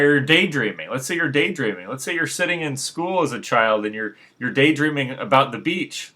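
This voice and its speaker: Guy musing out loud, bright voice, lots of restarts and fillers, frank about it. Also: medium pitch. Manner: rambling, many restarts and fillers; frank, unbothered. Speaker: speaker on spirituality. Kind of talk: unscripted monologue.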